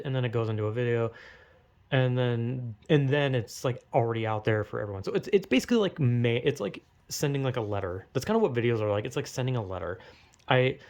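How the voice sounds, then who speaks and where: A man's voice: medium pitch, creaky, a little mellow. A young man rambling in a casual, self-conscious monologue, swearing as he goes. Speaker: vlogger.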